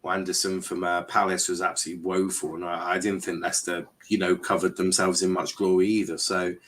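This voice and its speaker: A man's voice: low voice, flat delivery, fast talker, fairly bright tone. A man hosting a casual football panel show, talking with plenty of ums and blunt banter. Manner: hesitant, lots of fillers, blunt banter. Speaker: host.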